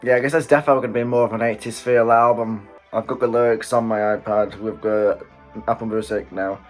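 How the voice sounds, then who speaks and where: Excitable British man reacting to music. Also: lowish voice. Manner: excitable, quick exclamations and chuckles. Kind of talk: casual music reaction commentary. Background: faint music playing.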